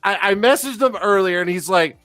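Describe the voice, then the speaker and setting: A man with a high, bright, ringing voice hosts a live stream in loose, jokey banter. He swears freely and stumbles through fillers and restarts, and faint music plays behind him. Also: brisk. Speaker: livestream talk show host. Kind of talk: casual live-stream chat.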